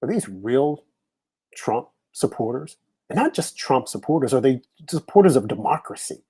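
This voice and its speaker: A man's voice: mid-range voice, big pitch swings, normal speed, warm tone, slightly rough. A man hosting a live political talk show, opening with an impassioned monologue full of rhetorical questions. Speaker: host.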